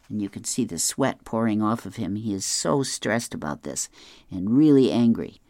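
A woman's voice: rumbling low, lively intonation, normal speed, warm tone, dry recording. A woman reading newspaper comic strips aloud, describing each panel and chuckling at the jokes.

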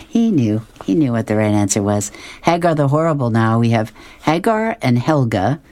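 A woman's voice: a bass voice, big pitch swings, measured pace, warm tone. A woman reading comic strips aloud, amused and chuckling between them.

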